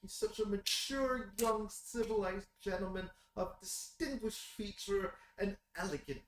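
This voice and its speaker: A man voicing a snooty, prim older society woman who speaks in a hushed, haughty way. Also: sits high, measured pace. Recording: roomy, distant mic, faint noise.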